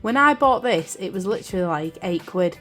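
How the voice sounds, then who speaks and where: A woman's voice: medium pitch, lively intonation, brisk, a bit bright, soft background music. Chatty British woman vlogging. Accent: British English. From United Kingdom. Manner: chatty and rambling, with frequent fillers and apologies. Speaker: journaling vlogger. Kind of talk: casual chat. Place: craft room indoors. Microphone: camera on a desk stand.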